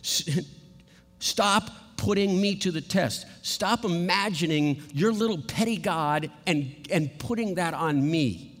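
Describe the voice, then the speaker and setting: A preacher voicing a stern, commanding God. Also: male voice, on the high side, soft background music, lightly acted. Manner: slow, emphatic declarations. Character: stern almighty God rebuking believers. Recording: long hall reverb.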